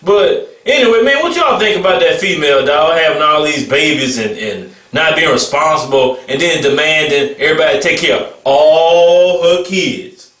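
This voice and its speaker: A man's voice: a little high, animated, moderate pace, hardly any pauses, fairly bright tone, echoey room, distant mic. A man giving a casual vlog commentary rant, mocking and blunt, laughing between remarks. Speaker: vlogger.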